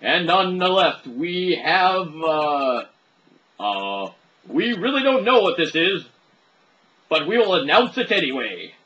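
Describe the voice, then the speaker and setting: A man doing a booming show announcer. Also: sing-song, bright, forceful tone, full character voice. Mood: grandiose. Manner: booming, drawn-out, theatrical. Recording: dull lo-fi recording.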